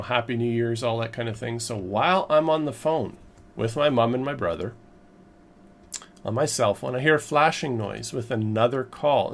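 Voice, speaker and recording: Speaking directly to the camera in a loose, rambling vlog, a Canadian man recounts a purchase he made. His pitch is an ordinary middle range, and his emphatic, exasperated delivery keeps the story lively.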